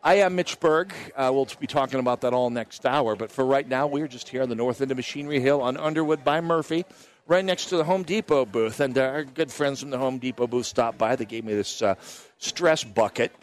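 A Minnesota man hosts a live talk radio show from a booth at an outdoor fair. His voice sits at an ordinary middle pitch, and he tells stories in a chatty, rambling way, full of restarts and side remarks. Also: fairly quick. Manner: chatty storytelling with frequent restarts and asides. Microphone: broadcast mic with headphones.

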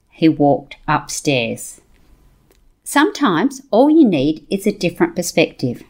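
Woman podcast host, animated and expressive, upbeat motivational storytelling. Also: mid-range voice. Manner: warm encouraging storytelling with rhetorical questions. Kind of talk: motivational monologue.

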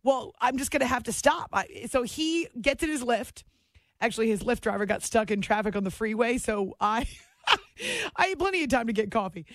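In a station studio, a woman hosts a late-night sports radio show and tells a story in a lively, chatty way, laughing often. Her voice is fairly high and her pace moderate, with no echo.

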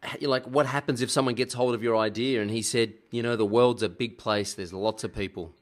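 A man's voice: medium pitch, fairly even intonation, brisk. A man with an Australian accent, hosting an interview with friendly, chatty questions. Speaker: podcast host. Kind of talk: casual interview chat.

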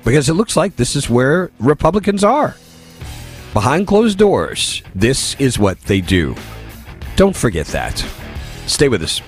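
A man's voice: medium pitch, very animated, measured pace, soft background music. A man hosting a talk radio show, reading listener texts aloud and answering them with sardonic, exasperated commentary.

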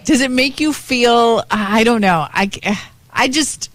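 A woman's voice: fairly high pitch, takes it slowly, a bit bright, no echo. A middle-aged woman co-hosting a morning radio show, telling stories animatedly and acting out her mother's lines. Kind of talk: casual radio banter. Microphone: studio microphone.

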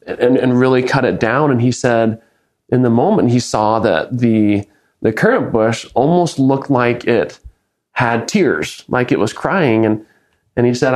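A young man sharing a personal faith story in an earnest, reflective way, often restarting his sentences. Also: medium pitch. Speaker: business speaker.

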